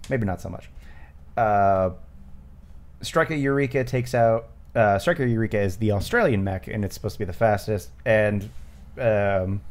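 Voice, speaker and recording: A man hosting a casual movie commentary podcast, rambling with lots of fillers and frequent laughs. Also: on the low side. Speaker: podcast host.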